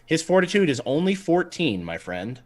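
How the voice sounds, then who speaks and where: A man running a tabletop game as game master, narrating scenes and rulings in a playful, animated way. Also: on the high side, moderate pace.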